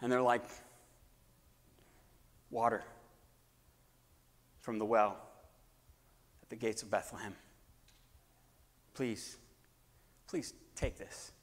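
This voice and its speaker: Animated male preacher in a reverberant hall. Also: mid-range voice. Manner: animated, acts out scenes, swings between shouting and hushed tones. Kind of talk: sermon storytelling.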